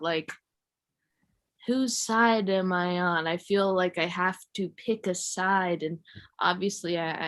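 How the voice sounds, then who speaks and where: A young woman from California doing a stand-up comedy set, rambling and self-mocking in a deadpan way. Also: fairly low pitch. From San Jose, California.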